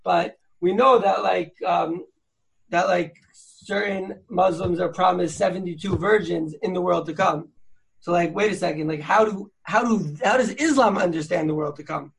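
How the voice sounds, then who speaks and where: A man's voice: sits high, normal speed, gravelly. A man hosting a podcast, teaching Torah sources in a chatty, slangy way with many fillers and restarts. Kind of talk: casual learning chat.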